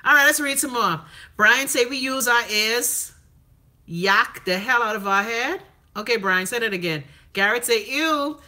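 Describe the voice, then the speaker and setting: A woman's voice: on the high side, normal speed, bright, forceful tone. A woman with a Bahamian accent, hosting a casual live stream, reading viewer comments and giving blunt, profane commentary.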